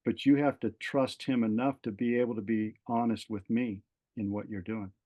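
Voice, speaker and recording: His voice sits on the low side and his pace is moderate. As a podcast guest, this middle-aged Californian, a retired fire captain, narrates a personal story with animation, acting out what people said and often restarting sentences amid plenty of fillers.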